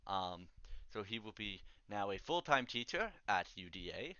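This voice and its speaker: A man voicing a calm, pompous older male headmaster who speaks in measured, formal tones. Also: lowish voice, clear, resonant tone, no room sound, muffled recording. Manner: formal, measured speech-giving.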